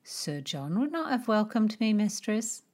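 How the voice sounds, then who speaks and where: A woman's voice: mid-range voice, big pitch swings, unhurried, darkish tone, pitched above the performer's own voice. A woman voicing a deferential, gossipy young maidservant in an audiobook. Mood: eager. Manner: deferential, chatty. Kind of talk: audiobook character reading.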